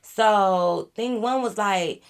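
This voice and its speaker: A woman vlogger telling a storytime in a casual, animated, profane and exasperated way. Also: medium pitch, drawn-out words, smooth.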